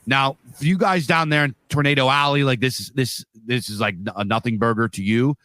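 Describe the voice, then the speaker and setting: Slightly fast and sharp-toned, a medium-pitched man speaks with no room sound. Hailing from Pennsylvania in the northeastern US, he co-hosts a podcast and relates a vivid, wandering story, swearing and using fillers throughout.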